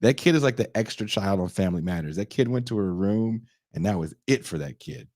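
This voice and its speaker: Animated, foul-mouthed man recapping a movie. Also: lowish voice, fairly quick, no room sound, clean studio sound. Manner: profane, animated storytelling with put-on character voices. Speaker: podcast host. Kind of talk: casual chat, recapping a movie.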